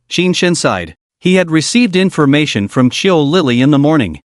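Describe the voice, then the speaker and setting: A man narrating a scripted story recap in an even, steady reading manner. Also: on the high side, moderate pace, few pauses, no echo, clean studio sound.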